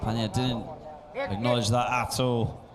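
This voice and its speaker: A man giving live blow-by-blow boxing commentary with brisk play-by-play calls that lift at big moments. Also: medium pitch, little pitch movement, crowd noise. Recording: commentary over loud music.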